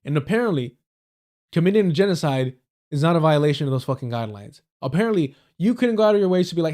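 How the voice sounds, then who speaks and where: Guy streaming political rants, swears a lot, sarcastic, reads news out then goes off, voice a bit high. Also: animated, fast, a little mellow. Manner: profane, sarcastic, angry rants between read-out passages. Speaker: political commentator. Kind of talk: livestream commentary reading news.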